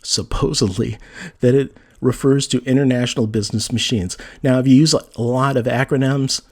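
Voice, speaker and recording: A man's voice: medium pitch, steady tone, moderate pace, a little mellow. A man giving a casual spoken lesson on writing, talking conversationally and reading example sentences aloud with emphasis. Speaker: writing teacher.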